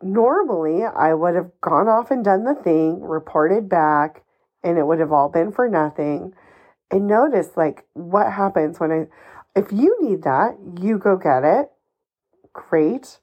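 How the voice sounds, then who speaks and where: A woman's voice: fairly low pitch, lively intonation, slow pace, slightly rough, lo-fi sound. A woman hosting a solo advice podcast, talking in an emphatic, encouraging and somewhat ranty way, swearing casually. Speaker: podcast host.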